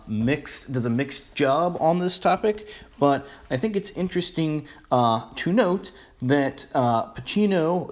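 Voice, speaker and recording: A man narrating a video essay on a period film in an analytical, hesitant way, with many filler words. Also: medium pitch. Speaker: film commentator. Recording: dull lo-fi voice-over.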